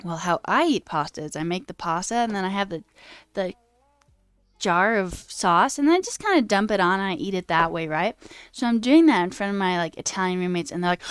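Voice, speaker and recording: A woman chats casually on a stream, rambling through chat messages with frequent laughs and the odd swear. Her voice is smooth and clear, recorded dry and close on a desk mic, with faint music playing underneath. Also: medium pitch, animated, fairly quick, no room sound.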